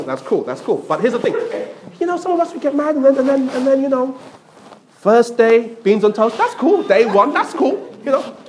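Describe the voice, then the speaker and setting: A man's voice: very high-pitched, a little hiss or hum. A male pastor preaching a sermon, telling stories playfully and repeating himself often.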